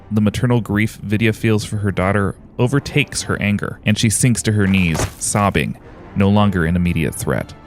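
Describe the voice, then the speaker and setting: A man narrating as game master in a tabletop game, in a steady, descriptive storytelling manner. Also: fairly low pitch.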